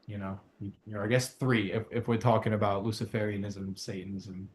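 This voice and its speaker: A man hosting a casual spiritual podcast, talking fervently and preachily, sometimes building to a shout. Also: fairly low pitch, flat delivery, a little fast, a little hiss or hum. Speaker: podcast host. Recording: roomy echo.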